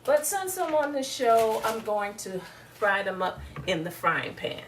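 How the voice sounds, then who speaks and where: A woman's voice: fairly high pitch, big pitch swings, unhurried, distant mic, slight background noise. Chatty woman cooking in an echoey room. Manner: chatty and rambling, addresses viewers directly. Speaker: home cook. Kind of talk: casual cooking demonstration.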